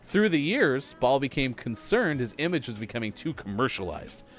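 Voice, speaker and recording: A man's voice: medium pitch, sing-song, normal speed, faint music behind. A middle-aged man hosting a morning radio show, chatting casually and joking while reading out facts. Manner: chatty, jokey, reads facts aloud.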